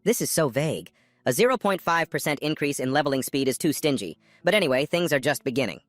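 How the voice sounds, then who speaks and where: A man's voice: on the high side, expressive, fast talker, dry recording, faint music behind, natural voice. A man voicing a flustered young male gamer hero who talks in nervous exclamations.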